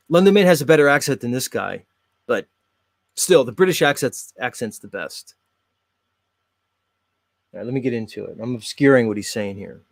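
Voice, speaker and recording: A man's voice: medium pitch, creaky, dry recording. Chatty male host, dry close sound. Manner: chatty, rambling, talks straight to viewers. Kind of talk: casual commentary on videos.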